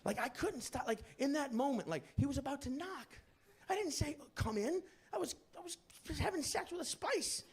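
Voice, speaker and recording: Animated high-voiced male stand-up comic. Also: moderate pace. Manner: animated storytelling, acts out characters, shouts punchlines. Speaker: stand-up comedian. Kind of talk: stand-up comedy routine.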